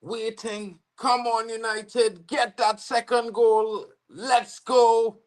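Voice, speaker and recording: A young Trinidadian man hosting a football watch-along livestream, slangy and excitable, bursting into shouts when his team scores. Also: sits high, slow pace. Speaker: football fan livestream host. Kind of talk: live match watch-along commentary.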